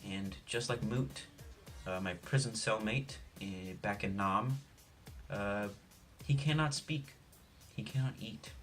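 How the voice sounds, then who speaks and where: A young man giving a jokey, rambling sports preview, deadpan with self-mocking asides. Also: fairly low pitch, slow pace, faint music behind. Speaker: sports vlogger.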